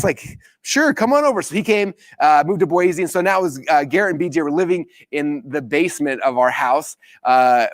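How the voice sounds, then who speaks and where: Fast-talking energetic man telling a story. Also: fairly high pitch, no room sound. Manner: energetic storytelling, acting out quoted dialogue. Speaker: business coach. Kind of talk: live training talk.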